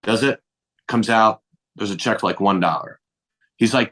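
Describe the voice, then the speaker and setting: A comedian guest in middle age shares stories in a relaxed chat, voicing the dialogue and cursing mildly. He speaks at normal speed in a fairly low, slightly bright voice.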